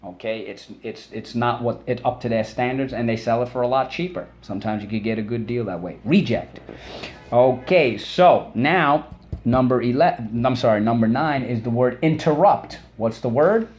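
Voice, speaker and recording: A man teaches children a phonics lesson with call-and-response drills, patiently and encouragingly saying words aloud and pausing for the class to repeat them. His mid-range voice is expressive with a darkish tone, and the highs are cut off.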